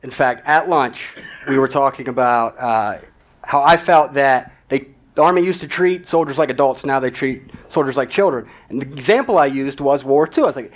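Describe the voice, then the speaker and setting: A man's voice: medium pitch, normal speed. A man hosting a live veterans' storytelling event, casually moderating and teasing the guests with follow-up questions. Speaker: event host. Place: restaurant event room.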